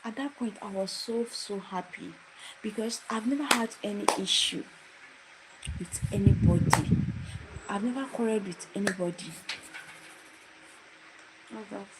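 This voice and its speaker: A woman's voice: mid-range voice, unhurried, long pauses. Emphatic young woman storytelling. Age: young adult. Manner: animated, emphatic, repeats phrases for emphasis. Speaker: student telling a personal story on a livestream. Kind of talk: casual livestream storytelling. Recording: loud background noise with clicks.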